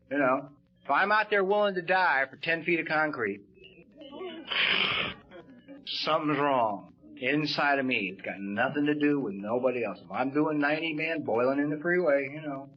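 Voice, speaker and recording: A man speaking at a recovery meeting, telling stories in a folksy way with casual swearing and plenty of "you know" and "man". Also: fairly high pitch. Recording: dull lo-fi tape.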